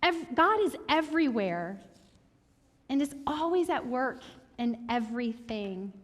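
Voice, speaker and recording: A woman pastor preaching a reflective sermon, sharing stories in a soft, thoughtful way. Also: high voice, big pitch swings, unhurried. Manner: reflective, storytelling, soft-spoken at times. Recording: reverberant hall.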